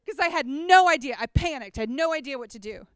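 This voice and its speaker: A woman giving a chatty, animated personal testimony to a gathering, often checking in with listeners. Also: sits high, fast, dry recording. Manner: chatty, animated storytelling with props. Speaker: speaker at a church gathering.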